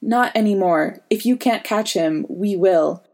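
A woman's voice: medium pitch, unhurried, darkish tone. A woman reading the part of an earnest young male hero who pleads with and reassures his friends. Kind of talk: audiobook reading.

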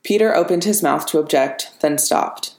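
A woman narrating a story as an audiobook, steady and measured. Her voice sits very low, and the reading sounds like it was taken in a roomy, echoing space. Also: creaky. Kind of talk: audiobook narration of fan fiction. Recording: roomy reverberant room.

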